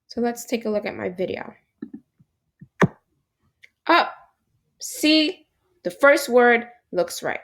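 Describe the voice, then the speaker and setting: Woman teacher for a kids' phonics lesson, fairly high voice, unhurried and encouraging. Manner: slow, animated, encouraging, talks to an unseen class. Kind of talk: recorded phonics lesson for young children.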